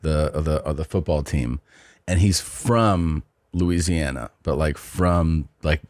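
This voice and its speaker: A man's voice: a bass voice, takes it slowly, darkish tone, dry recording, clean studio sound. A man co-hosting a casual comedy podcast, telling rambling stories in a laid-back way and swearing freely. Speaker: podcast co-host.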